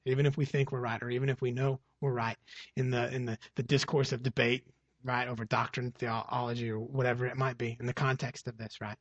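Male pastor, husky gravelly voice, conversational sermon full of rhetorical questions, dry close sound. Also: medium pitch, fairly bright tone, no echo, muffled recording. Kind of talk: expository sermon.

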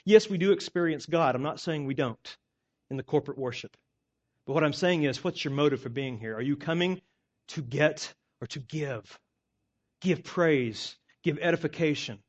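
A man with a high voice preaches a sermon from the pulpit, pressing his points with loud rises and then falling quiet and low. The recording is dull and lo-fi. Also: normal speed. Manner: emphatic preaching with sharp rises and quiet drops. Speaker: pastor.

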